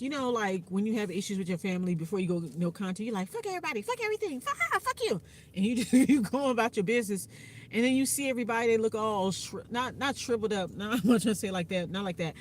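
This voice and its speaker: A woman with a lowish voice talks in a casual personal vlog, candid, frank, and profane. She uses lots of fillers and laughs frequently. There's a little hiss or hum in the audio.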